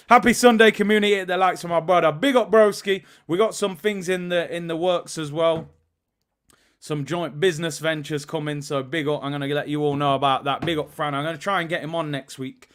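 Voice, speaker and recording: A man in his early thirties, possibly, hosts a live football watch-along, chatting casually, reading viewers' messages and shouting them out in lively bursts. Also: fairly high pitch, a little fast, clear, resonant tone. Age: 30s. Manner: animated, shouting out viewers and reading super chats. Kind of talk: casual live-stream chat.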